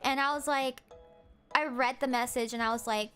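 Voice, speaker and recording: Rambling young woman streamer, high voice. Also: fairly even intonation, normal speed, long pauses, a bit bright, faint music behind. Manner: rambling, many fillers, quotes others. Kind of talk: casual rant to chat.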